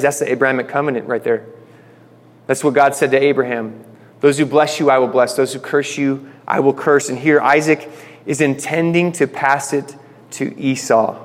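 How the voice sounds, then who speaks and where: A man casually teaching a Bible passage, reading verses aloud and then paraphrasing them in relaxed everyday slang. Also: medium pitch, normal speed, big-room sound.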